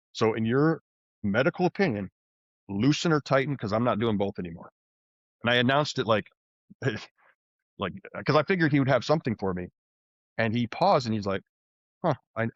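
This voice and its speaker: Animated male podcast guest, muffled audio. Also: medium pitch, a little fast, pauses often, no echo. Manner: animated, frequent restarts and fillers. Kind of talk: conversational storytelling.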